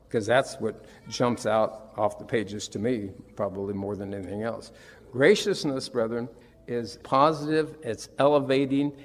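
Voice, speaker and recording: A man's voice: mid-range voice, darkish tone. A man preaching a sermon, retelling scripture with emphatic, rising and falling delivery. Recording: long reverb of a large hall.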